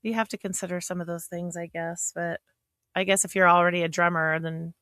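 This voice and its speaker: A woman co-hosting a podcast with her husband, chatting casually and teasing him with quick quips. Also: on the low side, steady tone, a bit bright, no echo, clean studio sound. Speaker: co-host, host's wife. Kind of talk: casual chat.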